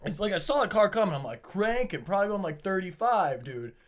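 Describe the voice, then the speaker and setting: Young male podcast guest, animated storyteller, fairly high pitch, casual and profane. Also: brisk, slight background noise. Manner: animated, swears freely, acts out shouted quotes.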